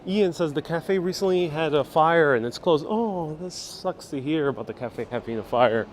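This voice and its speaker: A man's voice: fairly high pitch, expressive, moderate pace. A man hosting a live-streamed walking tour outdoors, reading viewers' chat aloud and answering it casually as he walks, filmed on a phone. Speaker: travel vlogger. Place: outdoors on a busy old-town street. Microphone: phone held while walking. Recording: faint street noise and traffic.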